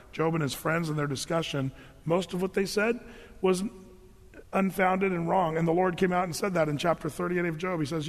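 A middle-aged man, a pastor, teaching a Bible passage verse by verse in a conversational, emphatic way, often restarting his words. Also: high voice. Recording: long hall reverb.

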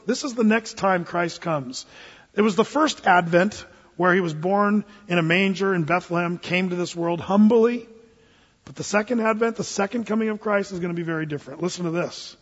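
A man's voice: high voice, a little fast, breathy edge. A man preaching a sermon, earnest and folksy in manner. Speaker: pastor. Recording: dull, echoey church hall recording.

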